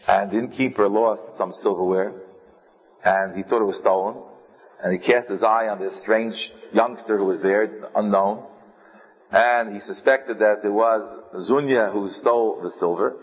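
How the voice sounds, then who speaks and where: A man giving a rambling, halting, humorous sermon with stories, as a rabbi. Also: on the low side, fairly even intonation, slightly rough. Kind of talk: sermon with storytelling. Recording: long hall reverb.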